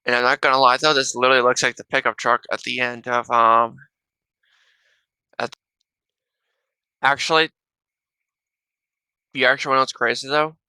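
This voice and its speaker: A man's voice: mid-range voice, steady tone, moderate pace, pauses often, sharp tone, clean tone, dry recording. A man hosting a casual reaction video on a wireless headset, rambling along with constant restarts and a tacked-on "though" in nearly every sentence. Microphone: wireless gaming headset.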